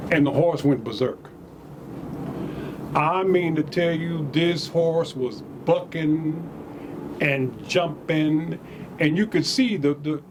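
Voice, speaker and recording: A man casually telling stories from his own life, animated, chuckling and repeating words as he goes. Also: a little high, a little hiss or hum. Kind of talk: casual spoken memoir storytelling.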